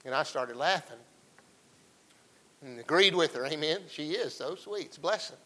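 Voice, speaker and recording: Folksy preacher, bright voice. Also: male voice, fairly high pitch, expressive, normal speed, poor audio. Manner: folksy, calls out to the congregation. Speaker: pastor. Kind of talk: sermon.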